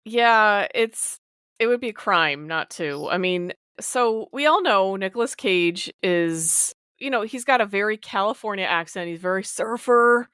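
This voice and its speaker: Woman, podcast co-host, smooth dry voice, lively and chatty. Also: mid-range voice, measured pace, dry recording. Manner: lively, chatty, laughs often. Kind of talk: casual chat.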